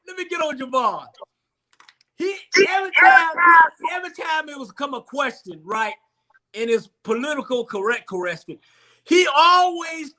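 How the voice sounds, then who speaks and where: A man hosts a casual talk show in a loud, joking way. His voice is very high and bright, with a sharp edge. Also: poor audio. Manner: loud, joking, laughing often. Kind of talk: casual chat show banter.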